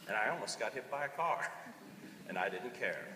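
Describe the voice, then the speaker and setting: Lively, joking male presenter in echoey hall. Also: fairly low pitch, moderate pace, noisy background. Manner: animated, jokey, engages the audience. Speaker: conference presenter. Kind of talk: conference talk. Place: conference hall. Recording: echoey hall, voice from far off, faint ambience.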